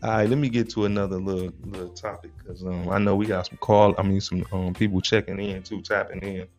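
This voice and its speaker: A man's voice: deep voice, flat delivery, fast talker, faint music behind. A young man from the United States hosting a casual live-stream chat, slangy and teasing. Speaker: host.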